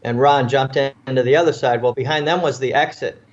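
With a mid-range voice, fairly even intonation and a slightly fast pace, the man is heard in lo-fi sound. He's a police officer and author recounting a tense interview story, restarting and repeating words frequently, and he acts out quoted voices as a vivid storyteller.

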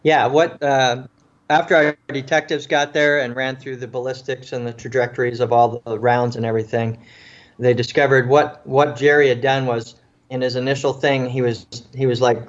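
A man's voice: medium pitch, fairly even intonation, moderate pace, muffled recording. Earnest man telling a vivid story. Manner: earnest, vivid storytelling that acts out what people said. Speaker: interview guest, former police officer. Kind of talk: recounting a personal story in an interview.

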